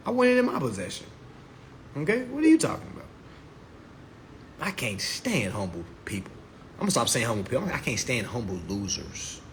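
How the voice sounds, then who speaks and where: A man's voice: a little fast, long pauses, a little hiss or hum. A man giving a casual live-stream monologue, brash, profane and mocking as he promotes his class. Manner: lively pitch swings.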